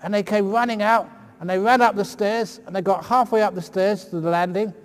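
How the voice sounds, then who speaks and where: Man, monk, humorous storyteller, slightly high voice, reverberant hall. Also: fairly even intonation, fairly quick. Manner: joking, anecdotal storyteller. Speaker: Buddhist monk giving a dharma talk. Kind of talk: humorous talk answering audience questions. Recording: long hall reverb, faint ambient noise.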